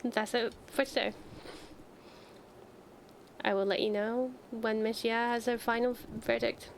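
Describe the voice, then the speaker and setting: A woman reading aloud the lines of a brisk, businesslike office manager in a game. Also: fairly high pitch, level tone, creaky, a little hiss or hum, rough recording. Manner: matter-of-fact, businesslike. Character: brisk office manager reviewing a new hire.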